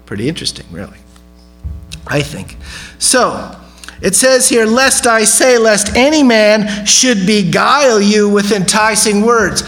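High-voiced man preaching conversationally. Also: slow, fairly bright tone, faint music behind, rough recording. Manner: conversational, asks the audience questions. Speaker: pastor. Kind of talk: sermon.

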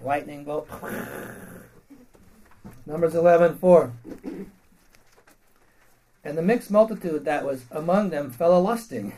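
A man's voice: on the high side, takes it slowly, pauses often, mellow, low-quality recording. Man preaching, reading scripture and joking. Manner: reads King James verses, then paraphrases them in blunt slang with laughs; addresses the congregation with questions.

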